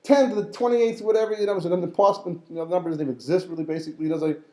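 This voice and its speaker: A man's voice: high-pitched, fairly even intonation, rapid-fire, warm tone, echoey room. A man teaching a Torah class as a rabbi, talking animatedly and acting out the voices of figures in the story. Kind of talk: lively Torah class lecture.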